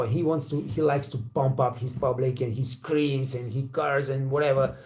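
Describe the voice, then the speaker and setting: Gravelly blunt man. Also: mid-range voice, steady tone, moderate pace, a little mellow. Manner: blunt, profane, storytelling with acted quotes. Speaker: waiter trainer and channel host. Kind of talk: casual motivational talk to camera.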